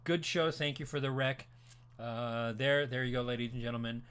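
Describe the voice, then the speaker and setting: A man's voice: medium pitch, fairly even intonation, moderate pace, fairly bright tone, clean tone. A man in his late forties or fifties hosting an anime talk stream, chatting casually and animatedly, rambling with frequent restarts, and laughing as he answers his chat. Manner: laughs while talking, reads chat aloud. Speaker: podcast host.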